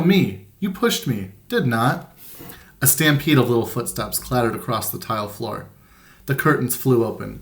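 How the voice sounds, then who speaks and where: A man with a voice of ordinary, middle pitch reads a children's novel aloud to his students. He keeps it plain and unhurried, only lightly voicing the characters, like a teacher reading to the class from home. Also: creaky. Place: room at home with a printer nearby.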